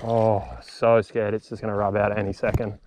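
A young man, a fishing vlogger, talking excitedly to camera and to the fish outdoors on the water, swearing as he goes. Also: on the low side, normal speed, slight background noise. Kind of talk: excited solo fishing commentary.

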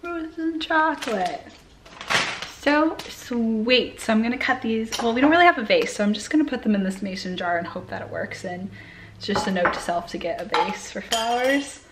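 A woman's voice: medium pitch, lively intonation, fast talker, noisy background. A young woman vlogging to camera from her home in a candid, chatty way. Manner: candid and chatty, talking straight to viewers. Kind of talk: casual vlog chat to camera.

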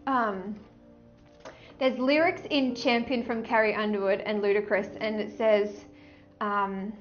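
A woman giving a casual tarot reading, gushing and excitable, often breaking into bits of song. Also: medium pitch, measured pace, lo-fi sound, faint music behind. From Australia. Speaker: tarot reader.

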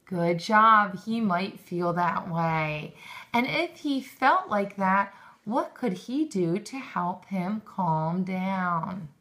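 A woman's voice: medium pitch, very slow, a bit bright. A woman teaching a lesson to young children, encouraging them and praising often, with questions drawn out.

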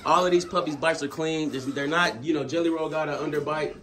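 In a very noisy recording, a high-voiced dog breeder talks to his vlog viewers a little fast and with fairly even intonation. Laid-back, he calls them y'all and interrupts himself to scold his dogs.

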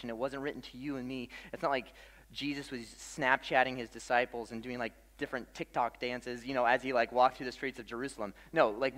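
Man preaching a sermon, loose and chatty with lots of "like", slow dramatic pauses, long echo off the church walls. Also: mid-range voice, a bit bright. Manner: conversational preaching with casual fillers and dramatic pauses. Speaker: pastor.

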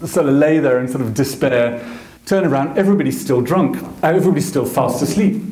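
A man telling a comic story on stage at a masterclass, self-mocking and animated, acting out the voices of the people he quotes. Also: mid-range voice, quick pace. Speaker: photographer giving a masterclass talk. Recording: echoey hall.

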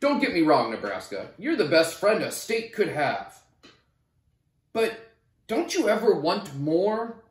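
A man voicing Kansas, a bored, glum male state in a storybook, drawing his words out slowly, recorded with a roomy echo. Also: sits high, sing-song. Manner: slow moping delivery.

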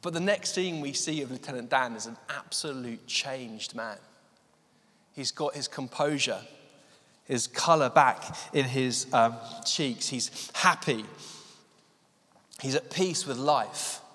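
A male preacher giving a sermon, telling a story with many fillers and slowing down to stress his key points. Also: mid-range voice, sharp tone, big-room sound. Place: church hall.

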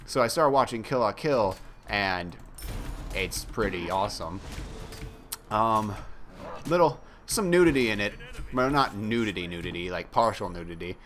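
A man's voice: on the low side, lively intonation, measured pace, fairly bright tone, a little hiss or hum. A young man chatting casually while playing a game, rambling and mocking himself, with some swearing. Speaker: gaming YouTuber.

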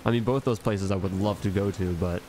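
A man's voice: deep voice, fairly quick, warm tone, a little hiss or hum. A man giving casual gameplay commentary, joking and rambling to himself as he plays. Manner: joking, rambling self-talk. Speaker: gaming video host.

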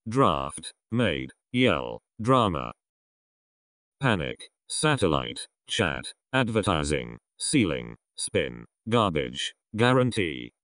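A man reading a vocabulary list aloud, deliberately, one word at a time with pauses between. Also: low-pitched, a bit bright, no echo, studio quality. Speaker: vocabulary reader.

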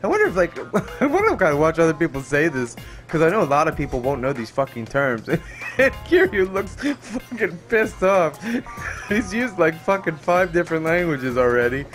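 A man's voice: a little high, sing-song, normal speed, a bit bright, faint music behind. A man giving casual, joking commentary while playing a game, swearing and laughing often. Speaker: gamer, video host.

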